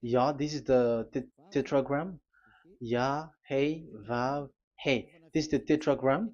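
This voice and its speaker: A man preaches while teaching at a board, his delivery slow and deliberate. He pauses often, fills gaps with fillers and restarts, and spells out letters one by one. The recording sounds dull and lo-fi. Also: mid-range voice, fairly even intonation, a little mellow.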